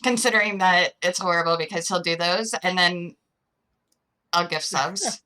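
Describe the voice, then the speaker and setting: A woman's voice: lowish voice, moderate pace, pushed and bright, low-quality recording. A woman hosting a casual livestream chat, chatty and playful with frequent giggles. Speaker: host.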